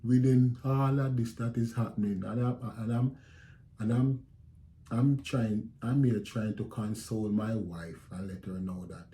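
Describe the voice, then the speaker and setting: A middle-aged Jamaican man telling his viewers a story in a casual, animated way, repeating phrases and acting out what people said. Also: fairly low pitch, normal speed, a little hiss or hum. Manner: animated retelling with repeated phrases and quoted speech. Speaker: channel host telling a story.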